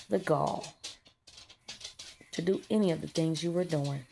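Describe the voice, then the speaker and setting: A woman with a lowish, heavily gravelly voice full of vocal fry. She rants with defiance and profanity, stacking up emphatic declarations in a spiritual monologue. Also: measured pace, pauses often, warm tone, slight background noise. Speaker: vlogger.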